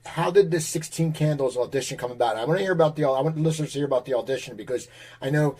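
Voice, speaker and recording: A man's voice: mid-range voice, very fast, a little mellow, low-quality recording. A man in his sixties hosting an interview, asking questions eagerly with many false starts. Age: 60s. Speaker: podcast host.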